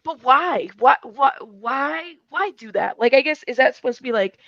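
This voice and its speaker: A woman's voice: high voice, lively intonation, moderate pace, vocal fry, fairly bright tone, no room sound. A woman hosts a conversational interview, prompting her guest with curious questions and light laughter. Her voice comes through dull, lo-fi audio. The sound is dry, with no room around it. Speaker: host.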